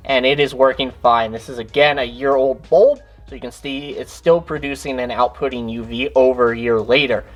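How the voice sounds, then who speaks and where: A woman hosting her own channel, casually demonstrating and thinking aloud as she goes, often correcting herself. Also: rumbling low. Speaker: reptile keeper and channel host.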